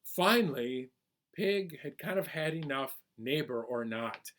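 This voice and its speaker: A man reading a folk tale aloud at a children's storytime, animated and asking listeners questions. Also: medium pitch, a little slow.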